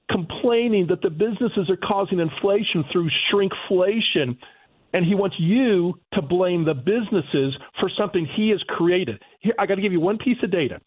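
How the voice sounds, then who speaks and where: Indignant husky man on a phone line. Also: sits high. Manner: emphatic, indignant, lecturing. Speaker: economist guest. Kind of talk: talk radio phone interview.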